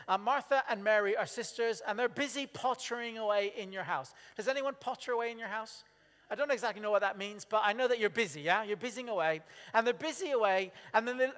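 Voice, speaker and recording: A man's voice: sits high, fairly bright tone. A man preaching a sermon, chatty and full of questions to the congregation. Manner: chatty, asks the congregation questions, acts out quotes. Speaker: pastor. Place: church. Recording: long reverb of a church hall.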